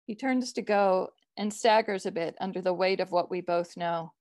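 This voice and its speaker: A woman author reads her own short fiction in a measured, even way. The sound is dry and close, with no room echo. Her voice sits at a middle pitch for a woman. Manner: measured literary reading.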